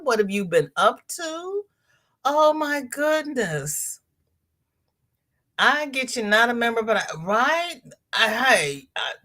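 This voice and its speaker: During her laid-back crochet stream, a woman in her 60s chats warmly with her audience, calling out names as she reads comments. Her voice falls in the mid range.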